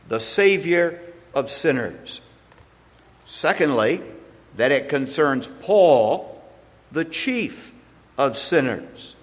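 A man preaching an expository sermon, slow and deliberate, pausing between phrases and leaning hard on single words. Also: medium pitch. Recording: long hall reverb.

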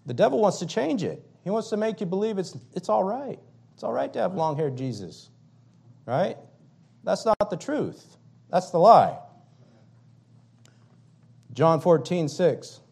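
A pastor preaching a fiery sermon, emphatic and repetitive, swinging between loud declarations and quiet, low passages. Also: male voice, big pitch swings, moderate pace, creaky, breathy edge.

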